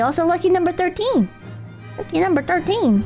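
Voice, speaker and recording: Very high-voiced, teasing American woman. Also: sing-song, fairly quick. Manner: teasing, crude, swears freely. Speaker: streamer. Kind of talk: casual chat, reading viewer donations. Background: faint music.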